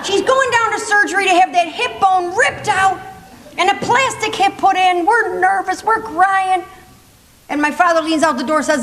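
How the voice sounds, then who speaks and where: A woman in her fifties giving a lively, laughing comedic talk as a motivational humor speaker. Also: very high voice, moderate pace, a crowd in the background, background noise. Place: large conference hall. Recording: long reverb in a conference hall.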